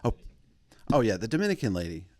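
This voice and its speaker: A man with a fairly low voice talks his way through a loose, rambling comic monologue as host of his own show. He wanders off on tangents, circles back, and chuckles at his own jokes. The sound is dry and close, with no room around it. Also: very animated, quick pace, darkish tone, no room sound. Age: adult father of kids. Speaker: podcast host.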